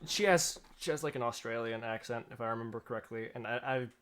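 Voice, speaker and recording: A man's voice: mid-range voice, steady tone, fast talker, fairly bright tone, slight background noise. Laughing, self-deprecating male game master. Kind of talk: running a tabletop game.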